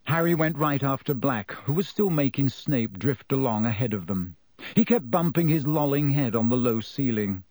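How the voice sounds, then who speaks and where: A man narrates an audiobook in a measured, steady way. His voice sits at a middle pitch. The recording is close and dry. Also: no room sound. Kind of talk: scripted narration.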